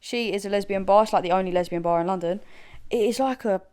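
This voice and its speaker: A woman's voice: mid-range voice, fast talker, darkish tone, clear, resonant tone. A young woman co-hosting a podcast, telling stories animatedly and laughing often in casual chat. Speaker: podcast co-host.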